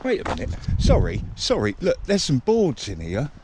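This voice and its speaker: A man giving chatty, excitable walking commentary to the camera as a railway enthusiast vlogger. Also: medium pitch, moderate pace. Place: outdoors on a path beside a railway line. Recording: outdoor street noise.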